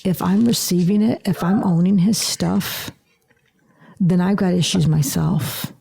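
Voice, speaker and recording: A woman's voice: lowish voice, unhurried, creaky, dark tone, slightly rough. A middle-aged woman telling her personal story as a podcast guest, emphatic and dropping into whispered asides.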